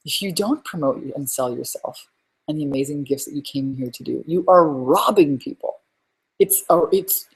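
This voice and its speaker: A woman hosting a live webinar from home as a business coach, talking in an energetic, rambling, emphatic way. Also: a bass voice, breathy edge.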